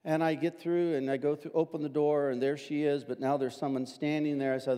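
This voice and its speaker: An older man, a pastor, telling a personal story in a sermon, animated and acting out the voices he quotes. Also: fairly high pitch, a little fast, in a large hall.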